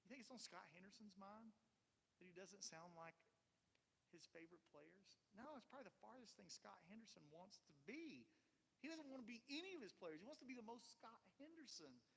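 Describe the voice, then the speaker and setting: A man's voice: sits high, expressive, fairly quick, vocal fry, a bit bright, big-room sound, slight background noise. A man giving a live guitar clinic in a shop, talking in a chatty, encouraging way with lots of fillers. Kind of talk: casual live clinic talk.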